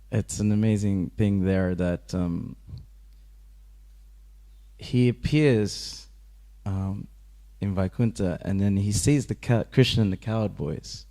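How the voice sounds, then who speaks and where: Male speaker with a lower-pitched voice, leading a casual temple class and narrating with light laughter. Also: vocal fry. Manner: relaxed, chuckling, acts out characters' lines with raised pitch. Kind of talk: casual devotional class storytelling. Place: temple room.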